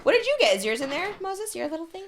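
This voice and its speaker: A woman's voice: very high-pitched, quick pace, crowd noise. A woman in her thirties hosting a podcast, chatting casually and laughing often. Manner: bubbly, laughs often, animated. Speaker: podcast host. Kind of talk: casual chat.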